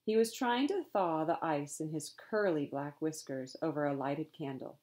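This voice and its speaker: A woman reads a children's novel aloud with an expressive, storytelling delivery. Her voice sits low, and she pauses to explain words along the way. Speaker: reader.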